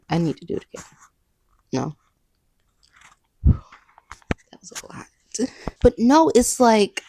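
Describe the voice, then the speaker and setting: Animated, chatty young woman with a gravelly edge. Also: medium pitch, slight background noise, low-quality recording. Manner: chatty, rambling, playful, laughs at herself. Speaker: podcast host recapping a film. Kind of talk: casual chat.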